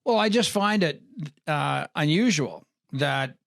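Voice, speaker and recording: A man's voice: on the high side, lively intonation, slow, gravelly. A man speaking as an agronomist guest, arguing earnestly and restarting his sentences. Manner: earnest, argumentative, repeats words when starting. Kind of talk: casual interview chat.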